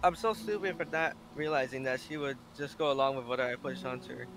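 A man's voice: medium pitch, fairly quick, noisy background, pitched below the performer's own voice, close to an everyday voice. A man voicing a shy, awkward bookish teenage girl, reading her lines with hesitation from a visual novel. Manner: hesitant, self-critical reading.

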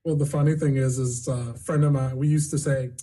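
A man's voice: medium pitch, fairly even intonation, fairly quick, mellow. A man in his forties, a podcast guest, chatting casually with a dry joking delivery. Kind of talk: casual chat.

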